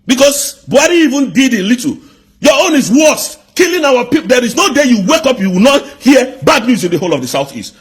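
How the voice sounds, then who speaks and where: A man's voice: very high voice, very animated, fairly quick, husky. A man with a Nigerian accent delivering an angry political rant, firing off indignant rhetorical questions. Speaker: commentator.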